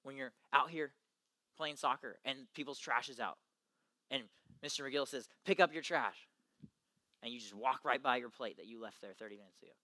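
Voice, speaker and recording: A young man giving an earnest, emphatic youth talk to junior high boys, acting out the quotes he gives. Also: fairly quick, bright, forceful tone, no echo. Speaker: youth ministry speaker.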